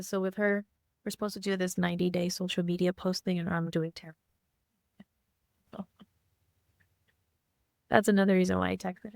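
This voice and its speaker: A woman co-hosting a podcast, speaking softly and reflectively in casual heartfelt chat. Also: on the low side, creaky, dry recording, clean studio sound. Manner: reflective, soft-spoken, many fillers. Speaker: podcast co-host.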